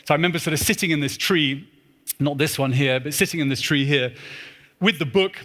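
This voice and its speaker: Fast-talking man telling funny stories. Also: fairly high pitch. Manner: animated, acts out dialogue in put-on voices. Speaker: keynote speaker. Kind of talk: humorous storytelling talk. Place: large church.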